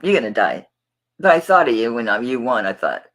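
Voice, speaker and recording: Her voice rumbles low with big swings in pitch and a brisk pace as this middle-aged Southern woman hosts a live jewelry auction. She chats with viewers in a casual, affectionate way. The audio is poor.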